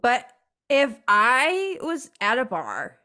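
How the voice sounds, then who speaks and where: A woman's voice: on the high side, wildly swooping pitch, takes it slowly, sharp tone. A woman guesting on a podcast, talking bluntly and sarcastically with plenty of swearing. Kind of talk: casual podcast chat.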